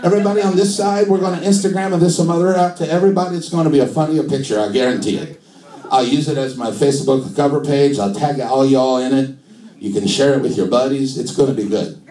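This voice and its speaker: A comedian putting on a fake Italian accent to play Jesus as an excitable man, talking in broken English. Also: medium pitch, fast talker, roomy sound, distant mic, lightly acted. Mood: excited. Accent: put-on Italian. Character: Jesus as a chatty social media user, adult man. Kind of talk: stand-up character bit.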